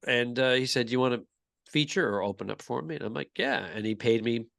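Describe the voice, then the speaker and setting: A man co-hosting a comedy podcast, telling rambling, relaxed anecdotes that often trail off into quieter asides. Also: mid-range voice, brisk, vocal fry, no echo, clean studio sound. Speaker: podcast co-host, comedian and voice actor. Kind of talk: casual comedy podcast chat.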